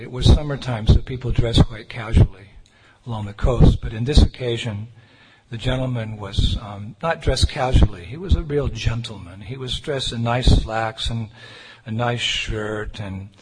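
Male preacher, earnest storyteller, mid-pitched voice, long reverb and faint hiss in the room. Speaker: Hare Krishna preacher. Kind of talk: sermon with personal storytelling. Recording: reverberant hall with faint noise.

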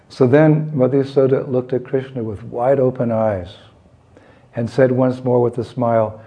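A man speaks slowly and calmly in a devotional storytelling talk, his tone mellow and warm. His pitch sits in a middle range. The recording sounds slightly dull, with a lo-fi edge. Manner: measured, acts out the characters.

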